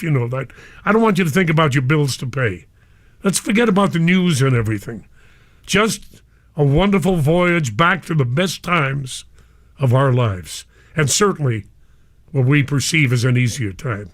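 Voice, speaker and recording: Emotional older radio DJ, dry sound. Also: male voice, mid-range voice, lively intonation, moderate pace, dry recording. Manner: affectionate, calls listeners cousins. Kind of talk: live radio address to listeners.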